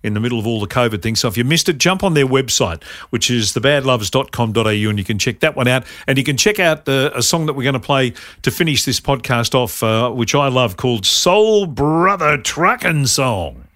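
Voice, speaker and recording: A man's voice: mid-range voice, expressive, brisk, few pauses, a bit bright, no echo. An Australian man hosting a podcast in casual chat, rambling through asides and laughing often. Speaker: podcast host.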